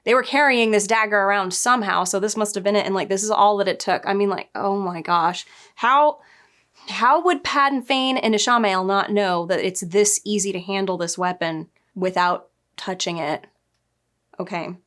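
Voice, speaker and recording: A woman's voice: mid-range voice, normal speed, a bit bright. A woman casually recapping and nitpicking a TV episode, chatty and exasperated, laughing now and then. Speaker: show reviewer.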